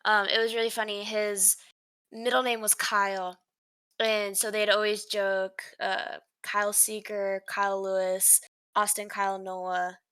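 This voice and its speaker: A woman's voice: medium pitch, flat delivery, a little slow, a bit bright, clean tone. A young woman co-hosting a casual sports podcast, chatting with enthusiastic reactions. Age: young adult. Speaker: co-host.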